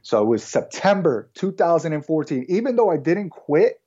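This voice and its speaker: A man being interviewed as a guest, telling his life story in a relaxed, casual way with frequent fillers and restarts. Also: a little high, normal speed, slightly rough, muffled recording. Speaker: guest entrepreneur.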